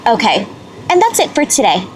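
A woman hosting a casual mukbang from her car, chatty and excitable, with rambling asides. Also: a little high, fairly quick, a little hiss or hum. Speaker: mukbang host. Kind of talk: casual eating-show chat.

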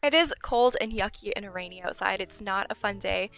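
A woman's voice: mid-range voice, a little fast, gravelly, a bit bright, soft background music. A young woman giving casual, chatty let's-play commentary on a life-sim game, sometimes dropping to a whisper. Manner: chatty, drops to whispers when worried. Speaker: gameplay channel host.

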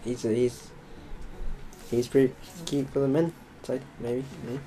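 A man's voice: mid-range voice, flat delivery, measured pace, warm tone, a little hiss or hum, poor audio. A young man casually chatting over gameplay as a let's play host, rambling and joking with viewers. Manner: rambling, playful, addresses viewers as folks.

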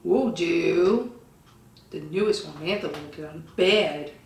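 Reading viewer comments in a slow, drawn-out way, a vlogger with a fairly low voice then hits back with swearing and yelled insults in an angry rant. She sits well back from the mic in a roomy, echoey space, with slight background noise.

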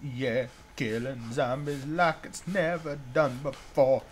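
A young man commentating a zombie game as he plays, joking around, humming along and yelling in panic when attacked. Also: mid-range voice, slow pace, slight background noise. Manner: jokey, shouts and yelps in panic, hums along. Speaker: gamer. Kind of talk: let's play commentary.

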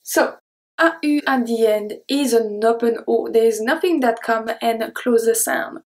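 A woman teaching pronunciation, saying each word slowly and repeating it before she explains its sounds. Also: on the high side, a little mellow. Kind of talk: slow word-by-word pronunciation lesson.

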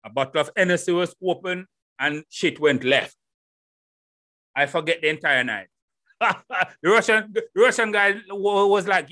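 A middle-aged man with a Jamaican accent, hosting a solo podcast and talking straight to his listeners with loud, animated rhetorical questions. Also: a little high, moderate pace, long pauses, dry recording, clean studio sound. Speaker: podcast host. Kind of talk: casual solo podcast monologue. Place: home room in Holland. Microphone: headphones and desk mic.

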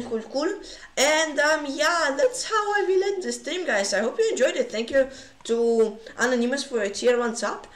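A woman streamer casually commenting on chess games, excitable and full of gasps and exclamations. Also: fairly high pitch, roomy sound.

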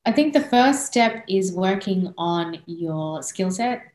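Animated woman on an echoey podcast. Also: lowish voice, slow. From Australia. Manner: animated, laughs often. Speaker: singer-songwriter guest. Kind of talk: casual podcast conversation.

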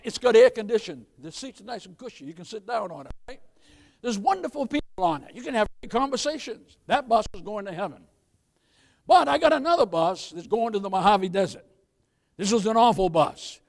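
Pastor, man with a high voice, folksy sermon delivery with wry jokes and questions to the pews. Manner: folksy preaching, questions to the congregation. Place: church.

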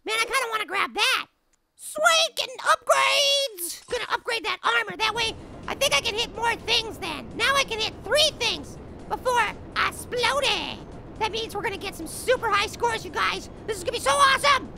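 A woman voicing a tiny, childlike cartoon apple who gives giddy gameplay commentary, laughing a lot and shouting silly catchphrases at the game. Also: very high voice, animated, brisk, vocal fry, noisy background, heavily acted. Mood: excited. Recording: game music playing behind the voice. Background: game music and sound effects.

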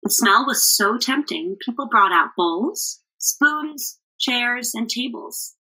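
A woman teacher reading a picture book aloud to children in a clear, expressive storytelling manner. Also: fairly high pitch, slow pace, poor audio.

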